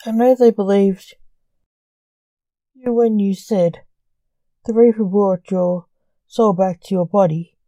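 A woman reading the part of a male caller who blackmails in a curt, dark manner. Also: medium pitch, steady tone, slow pace, pauses often, no room sound, natural voice. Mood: menacing. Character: man, menacing blackmailing phone caller.

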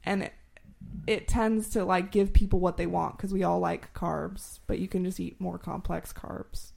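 Young woman, casual chat, gravelly fry, chatty and informal, laughs often. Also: lowish voice, steady tone, moderate pace, a little mellow.

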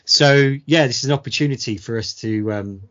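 A man's voice: mid-range voice, a little fast, fairly bright tone, highs cut off. A middle-aged man co-hosting a podcast, telling stories in a casual chat and acting out quoted voices. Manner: storytelling, acts out quoted voices. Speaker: podcast co-host.

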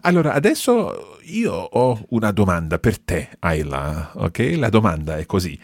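Deep, husky-voiced male language teacher. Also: sing-song, dry recording, clean studio sound. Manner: clear, patient, slow modelling of phrases. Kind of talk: podcast language lesson.

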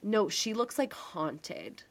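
A woman's voice: mid-range voice, takes it slowly, vocal fry. A young woman co-hosting a podcast, chatting casually and acting out lines as she recaps a TV episode. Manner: animated storyteller, acts out quotes. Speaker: podcast co-host.

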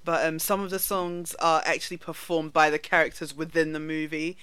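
A woman co-hosting a casual film-review podcast, explaining things in a relaxed way with frequent ums. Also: sits low, fairly quick, clean tone, dry recording. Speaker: podcast co-host.

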